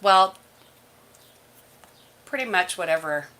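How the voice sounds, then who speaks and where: A woman's voice: lowish voice, expressive, slow, bright, forceful tone. A woman co-hosting a live music show, a local musician, bubbly and giggly as she chats. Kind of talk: casual live show chat.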